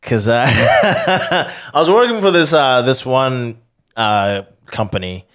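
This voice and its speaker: A man in his twenties co-hosting a podcast, chatting casually and telling animated, sweary stories full of mimicked voices. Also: medium pitch, takes it slowly. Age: 20s. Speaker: podcast co-host. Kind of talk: casual chat.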